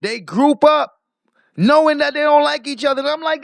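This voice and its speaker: A man hosting a livestream, reading out donor messages and reacting with profane, animated commentary. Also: very high voice, normal speed, vocal fry, dry recording, clean studio sound. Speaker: livestream host.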